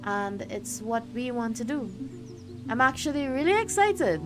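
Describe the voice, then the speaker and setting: A woman reading the lines of a quiet, firm young pregnant woman in a game, soft and apologetic. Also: a little high, very animated, measured pace. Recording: game music behind.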